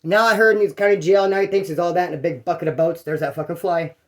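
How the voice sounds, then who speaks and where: Fast-talking high-voiced man telling stories. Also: steady tone. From California. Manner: profane, rambling, acts out others' lines. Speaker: former prisoner telling stories. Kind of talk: casual storytelling monologue.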